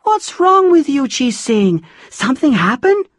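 A reader voicing a kind, motherly middle-aged housekeeper who speaks gently and coaxingly. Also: high-pitched, sing-song, unhurried, no room sound, studio quality, voice pushed up.

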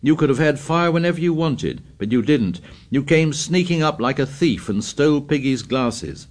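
A man's voice: mid-range voice, sing-song, unhurried, voice pushed up. A man voicing an earnest young boy leader, speaking in a raised, insistent tone. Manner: raised, insistent, forceful delivery.

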